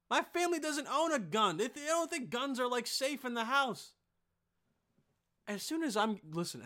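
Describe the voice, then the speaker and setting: High, bright-voiced young man ranting. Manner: profane, rambling, heated, with many fillers. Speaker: vlogger. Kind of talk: casual rant to camera.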